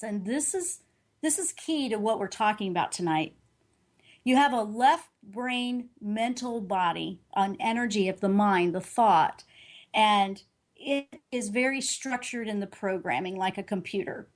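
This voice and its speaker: A woman's voice: mid-range voice, unhurried. A middle-aged woman speaking as an intuitive reader in an interview, telling a story earnestly and animatedly, often restarting and correcting herself.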